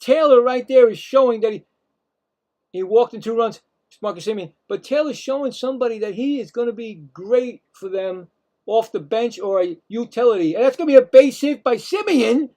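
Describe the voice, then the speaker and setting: A man calling live play-by-play as a stream host, excitable, ranting at calls and talking straight to his viewers. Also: very high-pitched, normal speed.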